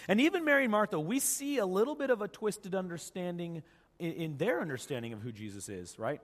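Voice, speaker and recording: A man with a fairly high voice preaches a sermon. He tells the story casually and acts out what each person says. His voice rings with the long echo of a church hall. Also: lively intonation, brisk. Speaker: pastor.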